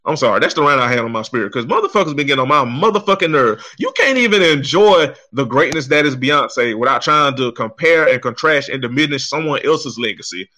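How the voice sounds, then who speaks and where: A man's voice: medium pitch, lively intonation, fairly quick, hardly any pauses, sharp tone. A man co-hosting a podcast, ranting in heated, exasperated commentary and swearing heavily.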